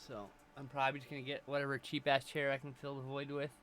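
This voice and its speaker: A man's voice: medium pitch, completely flat delivery, fast, a bit bright, a little hiss or hum. A man streaming live, chatting casually and joking while relaying messages from chat.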